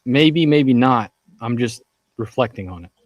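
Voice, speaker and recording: A man in a casual talk who muses over his concerns and often restarts his sentences. His voice is at a middle pitch and sounds dry and close to the mic. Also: animated, unhurried, no room sound, dull audio. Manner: reflective, hesitant, restarts sentences. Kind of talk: casual discussion.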